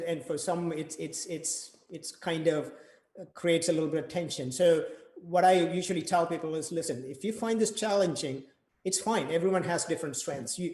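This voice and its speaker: A man's voice: a little high, darkish tone. Man chanting rhythm syllables, echoey. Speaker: percussion teacher. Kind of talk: online rhythm workshop.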